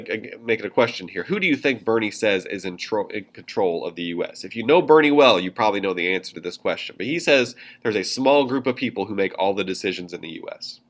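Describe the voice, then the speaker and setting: A man's voice: lowish voice, fairly bright tone. A man teaching a government class in a casual, chatty way, with many fillers and asides, from Indiana. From Indiana, USA. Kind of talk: classroom lecture notes.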